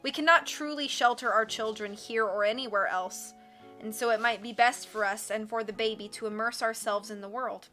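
A woman reading a book aloud on a live stream, with expressive narration and casual asides to her chat. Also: a little high, moderate pace, faint music behind.

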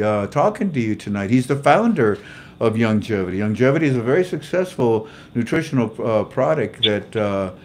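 An older man hosts a casual livestream in a mid-pitched voice. He sounds jovial and chatty, greets viewers one by one and chuckles at his own jokes. A faint hum sits behind him. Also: a little mellow. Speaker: livestream host. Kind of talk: casual livestream chat and prayer.

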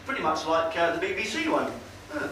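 Brisk, with big pitch swings, his slightly high and a bit bright voice carries a casual, sardonic public talk in a meeting hall, marked by hesitation and fillers. Faint noise and a roomy, far-off mic sound frame it.

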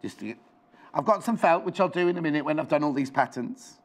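A man's voice: a little high, fast. A man presenting a live shopping show, chatting in a bubbly way about the items on show into a clip-on microphone in a TV studio. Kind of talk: live TV sales chat.

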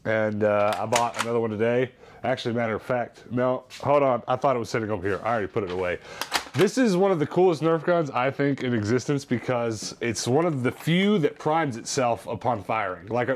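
A man talks casually about his thrift haul, chatty and jokey. His voice sits at an ordinary pitch. A faint hiss of noise sits under the recording. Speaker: vlogger showing thrift finds. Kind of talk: casual chat.

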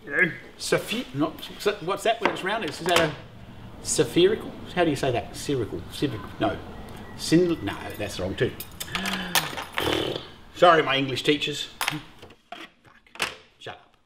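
A middle-aged Australian man hosting a beekeeping vlog, chatting casually in a jokey, excitable way and swearing freely. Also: fairly high pitch, moderate pace, long pauses, very noisy. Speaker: beekeeper host.

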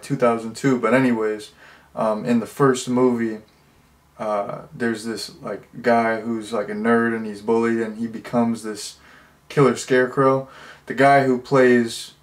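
Guy rambling thru a movie review, lots of uh and like, gets all worked up and incredulous. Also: medium pitch. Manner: rambling, many fillers and restarts; gets loud and incredulous when amused. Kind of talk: casual spoken movie review.

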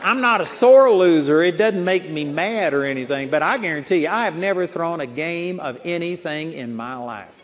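A man's voice: on the high side, expressive, moderate pace, hardly any pauses, some chatter behind, a little hiss or hum. A man preaching a sermon in a folksy storytelling way, chuckling at his own anecdotes. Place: large auditorium. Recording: long auditorium reverb.

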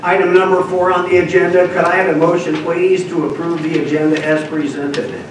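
A man's voice: sits high, little pitch movement, brisk. Nasal man chairing a board meeting. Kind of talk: formal meeting procedure. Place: public meeting room. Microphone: handheld microphone. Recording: echoey meeting room, distant mic, background noise.

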